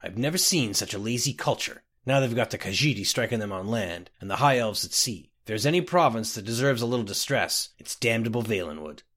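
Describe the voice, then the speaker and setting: A man voicing a gruff, scornful male Nord diplomat who mutters his contempt. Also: lowish voice, expressive, fairly quick, few pauses, a bit bright.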